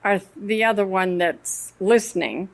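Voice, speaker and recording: Her voice is creaky and medium in pitch, moving at a moderate pace. She co-hosts a relaxed Christian radio discussion on marriage, teaches a Christian marriage class, and tells stories from her own married life.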